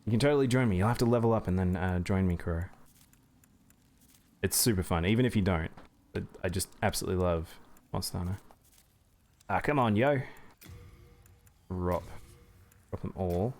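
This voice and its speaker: A man's voice: sits low, normal speed, pauses often, a little mellow. A man streaming live gameplay, chatting with viewers as he plays. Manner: chatty, reacts to chat and thanks viewers.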